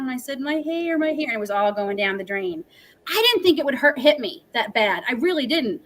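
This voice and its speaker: Bright, earnest woman in her forties. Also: medium pitch, rough recording. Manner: earnest, emotional, talkative. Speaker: guest. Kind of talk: livestream chat, personal storytelling.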